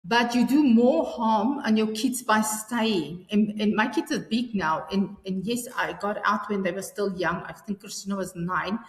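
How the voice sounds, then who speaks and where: A woman's voice: mid-range voice, unhurried, hardly any pauses. A woman in her fifties speaks earnestly as an interview guest. She often stumbles and restarts mid-sentence. Her voice rings with long reverb in an echoey room. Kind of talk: personal interview.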